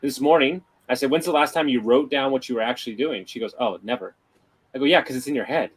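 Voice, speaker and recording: A man on a podcast chat, telling a lively story, playing out both sides of a conversation and swearing casually. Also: mid-range voice, quick pace, husky, poor audio. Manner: animated storyteller, acts out dialogue, swears freely. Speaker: guest.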